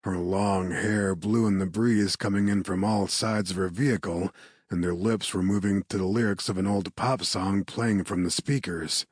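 Male audiobook narrator, low and raspy-edged, steady measured read, dry booth sound. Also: no room sound.

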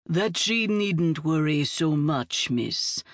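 Shy, terse male ship's bosun from a storybook, read by a woman; slow, deferential delivery. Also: deep voice, expressive, no room sound, studio quality, full character voice.

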